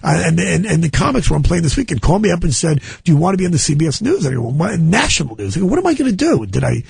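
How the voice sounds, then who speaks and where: A middle-aged comedian with a gravelly, worn voice, talking fast in casual radio banter, rambling and cutting himself off. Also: male voice, a little high, big pitch swings, dry recording. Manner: fast, rambling, self-interrupting. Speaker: comedian guest.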